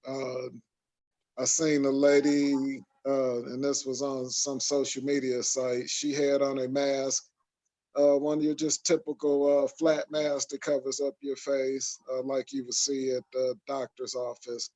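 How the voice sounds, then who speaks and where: A man's voice: medium pitch, completely flat delivery, unhurried, mellow. A man from Michigan hosting a casual podcast chat, talking in long rambling stretches full of fillers. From Michigan, USA. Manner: rambling, many fillers and restarts. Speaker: podcast host. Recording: dull lo-fi sound.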